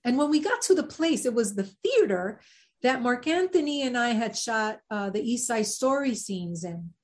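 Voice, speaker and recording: High-voiced woman telling a story. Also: normal speed. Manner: lively, acts out quoted voices. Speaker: guest actress and singer. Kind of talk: animated anecdote telling.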